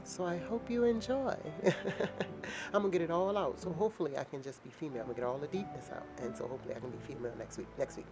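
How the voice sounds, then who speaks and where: A woman with a naturally deep voice talks casually to the camera, frank and rambling, often laughing. She is sick and slightly nasal. Clear music plays behind her. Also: very fast. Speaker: vlogger.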